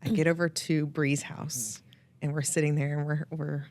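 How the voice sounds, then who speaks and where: A woman host telling a heartfelt personal story, emotional, laughing often and quoting people in lively voices. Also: sits low, normal speed. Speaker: podcast host.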